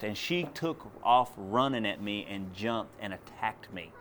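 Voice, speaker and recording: Bright-voiced preacher telling a story. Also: male voice, lowish voice, animated, unhurried, hardly any pauses. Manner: storytelling, drawling, rising to loud commands. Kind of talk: sermon testimony.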